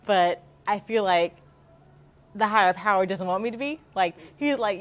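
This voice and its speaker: A woman's voice: mid-range voice, moderate pace. A young woman from the Houston area telling a story in casual chat, upbeat and chatty, laughing often and repeating herself. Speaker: interviewee in a live stream.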